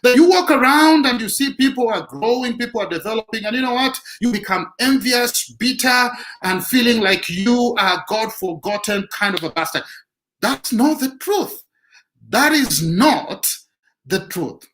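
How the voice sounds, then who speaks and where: Male motivational speaker, preachy delivery, very animated intonation. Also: very high-pitched, normal speed, poor audio. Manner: preachy, repeats key lines for emphasis. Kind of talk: motivational talk.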